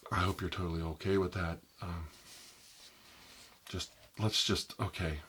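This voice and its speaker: A man playing a nervous male doctor in a soft-spoken ASMR role-play, rambling and filling his talk with "like" and "you know.". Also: sits low, steady tone, measured pace, slight background noise. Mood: uneasy. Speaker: doctor examining a patient.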